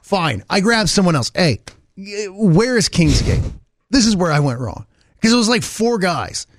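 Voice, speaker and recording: Brief: male show host, lively storyteller, higher voice, dry studio mic. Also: moderate pace, dry recording. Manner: animated storyteller, mimics people he met.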